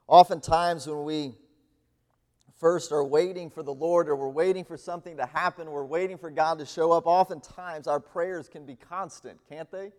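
A man giving a sermon as a guest speaker, swinging between loud pleading and hushed, near-whispered lines. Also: a little high, normal speed. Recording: long hall reverb.

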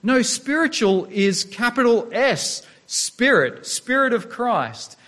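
A man's voice: extremely high pitch, very animated, slow pace, bright, forceful tone. A man preaching a sermon as pastor, earnest and full of rhetorical questions, with occasional restarts.

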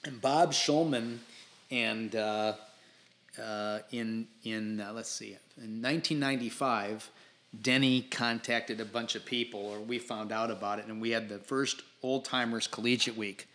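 A man in his sixties, a podcast guest telling stories in a casual interview, animated and quick to laugh, often restarting his sentences. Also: fairly low pitch. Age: 60s. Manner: animated, laughing storyteller who stumbles over restarts.

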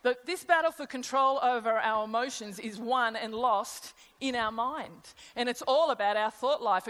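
A middle-aged woman delivers a sermon in a fairly high voice, talking conversationally and putting rhetorical questions to her listeners. Her words ring out with a long reverb, as if she were in a big hall. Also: a bit bright. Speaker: preacher.

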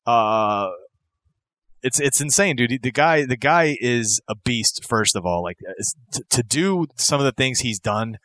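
A man's voice: medium pitch, lively intonation, a little slow, a bit bright, no room sound. A man co-hosting a podcast, talking casually and enthusiastically, rambling with restarts. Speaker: podcast co-host. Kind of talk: casual chat.

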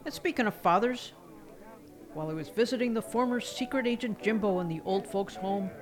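A man's voice: sits high, a little fast. A man hosting and narrating a playful radio show between old records.

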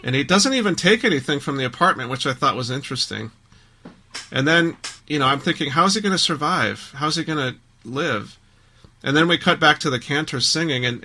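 A man's voice: mid-range voice, bright, forceful tone, low-quality recording. A man hosting a casual film discussion, thoughtful and repeating words as he gathers his thoughts.

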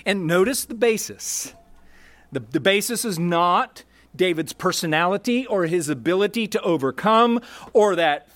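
A man delivers a sermon in a high voice. He speaks slowly and emphatically, breaking his points into short phrases and repeating key words with deliberate pauses. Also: fairly bright tone. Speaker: pastor.

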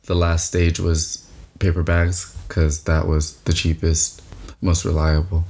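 A man co-hosting a casual chat, playful, firing off quick questions and laughing often. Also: deep voice, little pitch movement, darkish tone, a little hiss or hum. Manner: playful, asks rapid-fire questions. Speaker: co-host.

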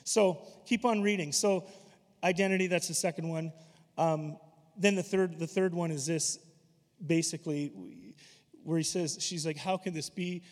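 A man preaching a sermon, animated and emphatic, slipping into voices when he retells scripture. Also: on the high side, moderate pace. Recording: long hall reverb.

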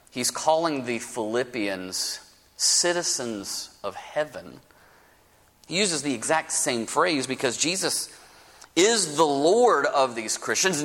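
A man preaching a sermon as pastor, with a lively storytelling manner and folksy asides. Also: medium pitch. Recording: preached in a reverberant hall.

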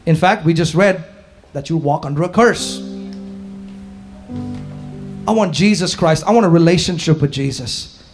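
Male pastor, fervent sermon, high-pitched, soft guitar underneath. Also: moderate pace, pauses often. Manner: impassioned preaching, swinging from shouts to hushed tones. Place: church hall before a congregation.

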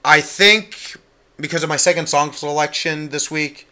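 A man's voice: on the high side, fairly even intonation, measured pace, bright, forceful tone. A man co-hosting a music review podcast, chatting casually with fillers and asides. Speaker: podcast co-host.

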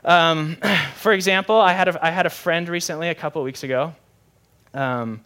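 A man's voice: a little high, normal speed, pushed and bright. A young adult man, a pastor preaching a sermon in a conversational, candid way with self-deprecating humor.

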